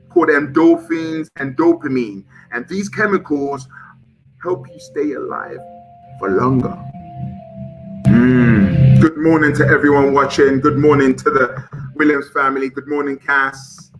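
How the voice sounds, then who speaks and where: A man's voice: mid-range voice, animated, measured pace, soft background music, rough recording. A man hosting a motivational live stream, coaching viewers through breathing and affirmations and greeting them by name.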